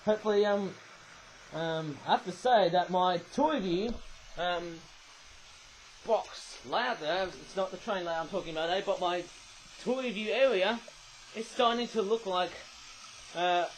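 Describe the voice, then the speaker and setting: A man's voice: high-pitched, a little mellow, slight background noise, rough recording. A man rambling through a casual toy review at home, often tagging lines with "eh" and correcting himself. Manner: rambling, tag questions with "eh", frequent self-corrections. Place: home room with a toy train layout.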